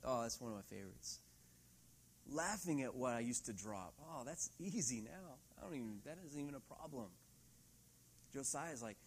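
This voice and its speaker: A middle-aged man preaching a sermon in a church hall, lively and laughing often, acting out quoted voices. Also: mid-range voice, moderate pace, breathy edge. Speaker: pastor.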